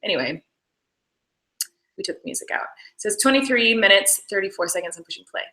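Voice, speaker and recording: Young woman, bright voice, rambling casual commentary, chatty. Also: mid-range voice, lively intonation, fairly quick, poor audio. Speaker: actress commenting on her show. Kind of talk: casual behind-the-scenes commentary.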